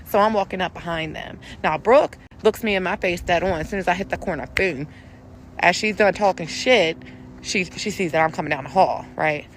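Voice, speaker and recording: A woman telling an animated, profane story about coworkers. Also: fairly low pitch, normal speed, a little hiss or hum. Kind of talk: casual storytelling.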